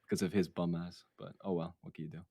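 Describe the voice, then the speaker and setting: A man's voice: low-pitched, fast talker, vocal fry, dry recording. A young man co-hosting a podcast, telling a childhood story in casual, profane chat and acting out other people's lines. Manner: animated and profane, quotes others in put-on voices. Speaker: podcast co-host.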